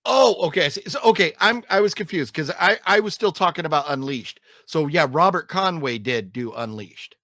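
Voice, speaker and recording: A man's voice: fairly high pitch, expressive, normal speed, few pauses, fairly bright tone, no echo, studio quality. A man co-hosting a casual film review chat, rambling with lots of fillers and restarts and griping emphatically. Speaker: co-host reviewing films.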